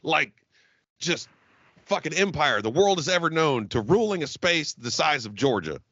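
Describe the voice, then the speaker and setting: A man's voice: fairly high pitch, very animated, moderate pace, fairly bright tone, no echo, lo-fi sound. An American man co-hosting a podcast, ranting in a rowdy, profane way with bursts of laughter, in casual chat. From United States. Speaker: podcast co-host.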